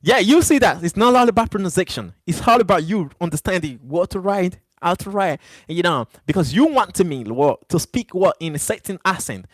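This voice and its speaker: A man's voice: high voice, lively intonation, a little fast, hardly any pauses, no echo. A man hosting a live stream, arguing back at chat viewers in a heated, repetitive way, English not his first language. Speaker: livestream host.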